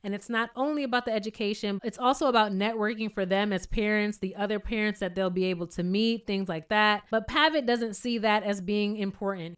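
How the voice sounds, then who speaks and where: A woman's voice: medium pitch, a little fast, hardly any pauses, smooth. Chatty woman recapping a reality show. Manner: chatty and animated, quoting cast members in playful voices. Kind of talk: casual recap commentary.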